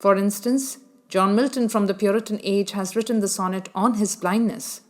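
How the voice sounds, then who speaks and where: A woman teaching a literature lesson in a measured way, explaining step by step and asking the listener questions. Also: mid-range voice, steady tone. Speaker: literature lecturer. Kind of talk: explanatory lecture.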